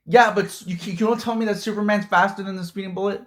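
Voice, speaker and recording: A man's voice: high-pitched, steady tone, fast. A man giving a casual, heated movie-review rant, rambling and full of fillers like "like" and "dude".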